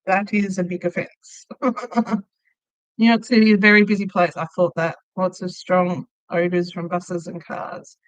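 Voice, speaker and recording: A woman's voice: on the low side, flat delivery, a little slow, no echo, dull audio. An Australian woman chatting casually with viewers on her crochet livestream, telling stories and laughing often. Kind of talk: casual live chat reading viewer comments.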